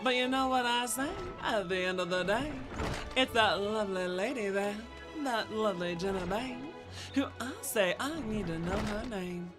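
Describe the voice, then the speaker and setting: A woman's voice: medium pitch, moderate pace, over music, natural voice. A woman streamer doing a Southern belle impression, drawling sugary compliments. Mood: sugary, flirtatious. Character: genteel flirtatious Southern belle lady.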